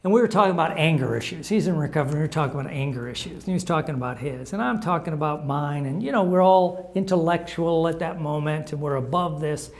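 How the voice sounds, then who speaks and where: A man's voice: a little high, fast, few pauses. A middle-aged man giving an informal talk on recovery steps, sharing stories in a conversational, anecdotal way. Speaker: recovery program speaker.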